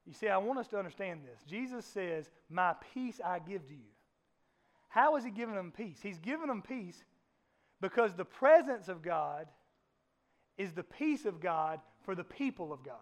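Male pastor with a very high voice, preaching with passion and swinging dynamics. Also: animated, moderate pace. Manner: impassioned preaching, rising and falling, acts out voices in a casual way. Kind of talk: sermon.

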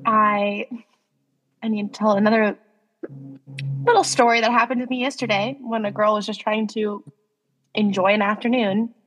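She's a New York podcast co-host in her twenties, giggling and saying "like" a lot as she shares stories in a casual chat. Her medium-pitched, fairly bright voice keeps fairly even intonation at a moderate pace with frequent pauses. A long reverb tail and faint music sit behind her.

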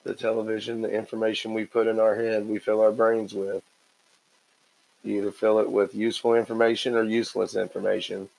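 A man's voice: on the low side, monotone, a little fast, vocal fry, a little mellow, rough recording. Blunt opinionated man chatting. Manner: blunt, opinionated, swears casually. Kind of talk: casual chat.

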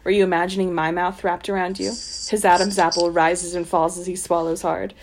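A woman's voice: fairly low pitch, flat delivery, brisk, a little hiss or hum. A woman co-hosting a podcast, reading a trashy novel aloud with sarcastic, giggly asides. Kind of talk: mocking dramatic reading with commentary.

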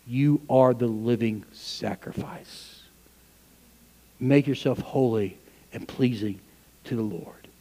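Impassioned preacher in a reverberant sanctuary. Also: male voice, mid-range voice, slightly rough. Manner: impassioned preaching, swinging from loud to hushed. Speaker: pastor. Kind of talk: sermon. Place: church sanctuary.

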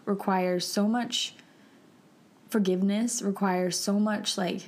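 A young adult woman hosting a podcast, telling a personal story in a soft, chatty way with many fillers and frequent hushed whispers. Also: medium pitch, fairly even intonation, slow pace. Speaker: podcast host.

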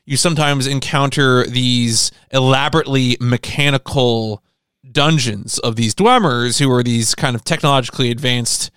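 A man's voice: medium pitch, fairly bright tone, smooth, no room sound, studio quality. Rambling man chatting on a podcast. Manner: rambling, hedging with many fillers. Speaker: podcast co-host. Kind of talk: casual chat.

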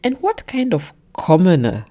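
A woman voicing a controlling, jealous man who speaks flat and cold, then bursts into shouts. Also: fairly low pitch, measured pace. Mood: contemptuous.

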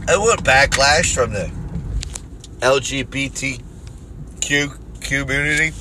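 A man with a Philadelphia accent hosting a solo podcast from his car, rambling crudely and jokingly between loud bursts and mutters. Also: mid-range voice, lively intonation, a little slow, long pauses, a little hiss or hum. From Philadelphia area. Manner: rambling, crude, jokey, swings loud and quiet. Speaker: podcast host. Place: car on the road.

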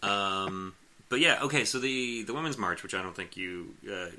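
A man's voice: lowish voice, animated, normal speed, pushed and bright. A man in his late thirties telling a long rambling story in casual chat, laughing often and acting out what people said. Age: late 30s.

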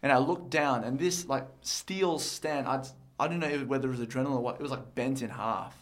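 A man's voice: mid-range voice, a little fast. Young man, casual chat, candid, rambling, mid-range voice. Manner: candid, rambling, repeats words.

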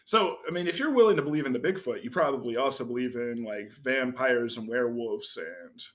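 A man's voice: mid-range voice, lively intonation, brisk. A young man co-hosting a podcast in casual chat, joking and teasing with a lot of swearing. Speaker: podcast co-host.

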